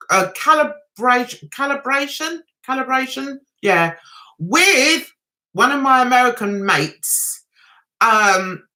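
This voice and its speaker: A woman's voice: fairly high pitch, bright, forceful tone. A middle-aged woman with a London accent, hosting a casual livestream and chatting, teasing and giggling with her viewers. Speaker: livestream host.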